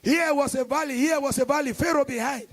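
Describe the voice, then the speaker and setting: Nigerian male evangelist, high gravelly voice, passionate sermon that swings into shouted decrees. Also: fairly quick. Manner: impassioned preaching, rising to shouted declarations. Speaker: evangelist preacher. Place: church service hall.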